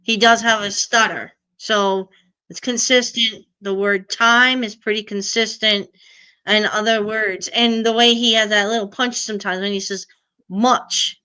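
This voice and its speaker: A woman's voice: medium pitch, steady tone, measured pace, pushed and bright, clean tone. A middle-aged woman hosting a casual live stream, chatting and answering viewers' comments.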